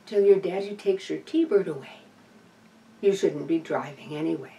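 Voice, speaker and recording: A woman's voice: lowish voice, measured pace, warm tone. A woman chatting to camera with dry, playful humor, sometimes cooing tenderly to her pet opossum. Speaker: opossum rescuer and vlogger. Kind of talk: casual chat to camera. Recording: voice somewhat distant from the mic.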